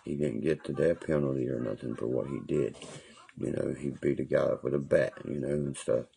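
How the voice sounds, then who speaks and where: With an extremely low, gravelly voice and a fairly quick pace, a man livestreams from his phone in a parked car. The vlogger rambles casually through profane jail stories, telling them with animation and laughter.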